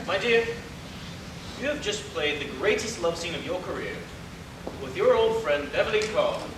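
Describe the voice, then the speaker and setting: A man's voice: sits high, animated, moderate pace. A man playing a sardonic older celebrity critic. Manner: sardonic, theatrical. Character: acerbic older male celebrity critic, scheming. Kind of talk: community stage play. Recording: echoey hall from far off, noise.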